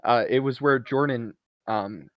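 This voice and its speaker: Animated man recapping a movie. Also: mid-range voice, unhurried, dry recording. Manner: animated storytelling, acts out characters' lines. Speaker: podcast co-host. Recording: dull lo-fi, dry.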